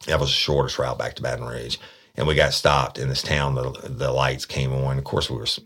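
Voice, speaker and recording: A man tells a story from his police work, casual and blunt. His voice sits extremely low. He swears freely and stumbles over repeated words as he talks. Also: little pitch movement, fairly quick, sharp tone. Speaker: police detective.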